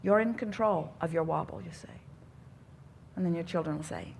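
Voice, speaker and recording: A woman's voice: on the low side, normal speed, creaky, darkish tone, a little hiss or hum. Woman giving an earnest seminar talk. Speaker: speaker at a self-help seminar.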